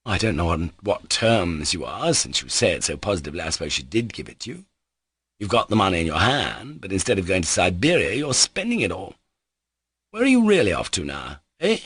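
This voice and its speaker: A man's voice: low-pitched, very animated, a little fast, a bit bright, breathy edge, no room sound, studio quality, full character voice. A man voicing a wary, sensible young official in an audiobook reading, questioning and reproachful.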